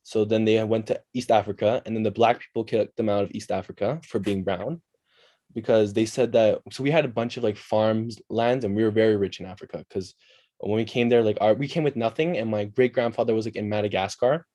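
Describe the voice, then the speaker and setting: A young man from Canada, a podcast guest chatting casually and telling animated stories with quick asides. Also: on the low side, no room sound. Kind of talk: casual chat.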